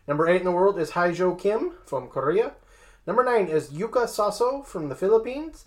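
A sports show host reading rankings in a casual talk style, with joking asides between the lists. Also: mid-range voice.

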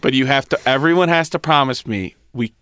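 A man's voice: medium pitch, fairly quick, a bit bright, clear, resonant tone, dry recording, studio quality. A man hosting a comedy podcast panel, who tells stories and reads headlines out while laughing often. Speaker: podcast host.

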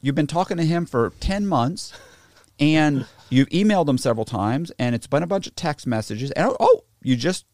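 A man telling a story in casual chat, profane and animated, acting out both sides of a conversation. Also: on the high side, moderate pace, no echo, clean studio sound. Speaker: podcast host telling a story.

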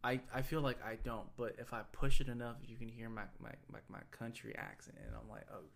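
A man's voice: medium pitch, huge pitch swings, a little fast, gravelly, fairly bright tone. A young man with a light Texan accent, chatting casually as a podcast co-host, swearing freely and laughing easily. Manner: laid-back, profane, laughs easily. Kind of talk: casual chat.

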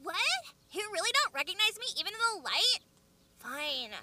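A woman's voice: extremely high pitch, very animated, moderate pace, very noisy. A woman voicing a sassy teenage girl, the hero's childhood friend, in an English anime dub, talking in mocking valley-girl slang. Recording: clip with loud music behind.

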